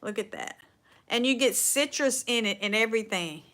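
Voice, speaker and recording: A bright, fairly high-voiced woman with a Southern US accent chats through a crafting livestream. She talks in a folksy, rambling way and says "y'all" often. She trails off and restarts her sentences as she works. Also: moderate pace. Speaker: furniture upcycling livestream host. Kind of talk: casual livestream chat.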